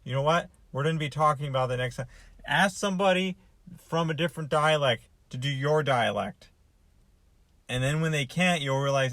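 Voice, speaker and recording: A man's voice: medium pitch, normal speed, fairly bright tone, no echo. A man hosting a comedy show, rambling sarcastically and talking straight to the listener. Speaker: host. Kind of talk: deadpan comedic monologue.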